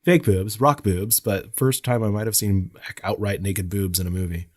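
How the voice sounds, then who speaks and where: A man co-hosting a podcast in casual chat, candid and quick to laugh. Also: on the low side, steady tone. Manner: giggly, candid, frequent laughter. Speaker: podcast co-host.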